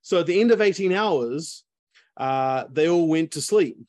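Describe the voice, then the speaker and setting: A chatty man spinning a yarn over a video call, peppering his talk with asides. His voice sits a little high, and the sound is close and dry with no room behind it. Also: animated, unhurried, darkish tone, no echo. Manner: chatty, lots of fillers and asides. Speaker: speaker. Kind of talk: casual storytelling talk.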